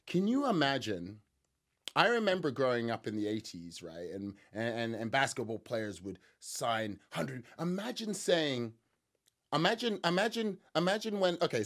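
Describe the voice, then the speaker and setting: A man talks through a news clip in loose, offhand commentary, his voice sitting at an ordinary middle pitch. His tone is sarcastic and mocking. He rambles, stumbling over restarts and repeating words as he goes. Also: animated, moderate pace. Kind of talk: casual reaction commentary.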